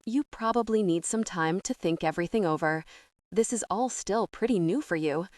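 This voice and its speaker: A woman reading an audiobook, voicing an earnest young man who talks in a low, dry, carefully measured way. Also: no room sound, lightly acted. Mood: wistful. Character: earnest young man, gentle, quietly heartbroken.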